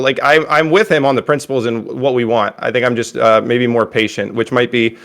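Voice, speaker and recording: A man's voice: mid-range voice, fairly even intonation, a little fast, few pauses, fairly bright tone. A man on a panel who talks in a hesitant way, with many fillers and restarts. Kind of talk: casual panel discussion.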